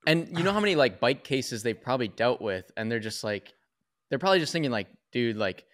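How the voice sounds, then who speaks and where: A man's voice: medium pitch, sing-song, fast talker, fairly bright tone. A young man co-hosting a podcast in casual chat, reacting with jokey asides. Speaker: podcast co-host.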